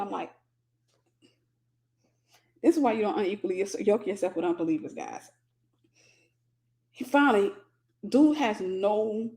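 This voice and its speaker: A woman's voice: medium pitch, darkish tone. A woman teaching and mentoring online, telling a personal story in a chatty way with asides to her viewers. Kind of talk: casual storytelling to a live audience.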